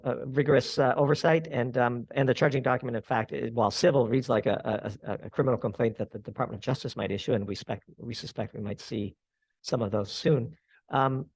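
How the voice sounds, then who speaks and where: Man, podcast guest, gravelly voice, analytical, long explanations, dry sound. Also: medium pitch, no room sound. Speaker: guest commentator. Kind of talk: podcast interview answers.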